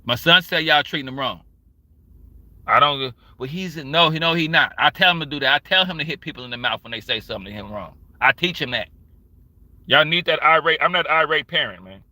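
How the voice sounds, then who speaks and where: Sharp, animated ranting man. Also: a little high, fairly quick, dry recording. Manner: animated, profane, emphatic. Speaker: livestreamer. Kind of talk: casual ranting commentary.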